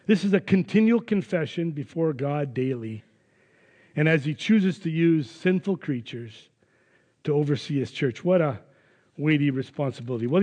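A man's voice: a little high, darkish tone, long reverb tail. A man preaching a sermon as pastor, earnest and emphatic. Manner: earnest, emphatic, with some restarts. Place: church.

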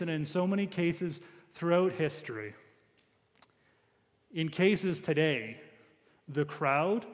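Conversational male preacher in a reverberant hall. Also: fairly high pitch. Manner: conversational preaching with frequent restarts. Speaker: pastor. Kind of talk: sermon.

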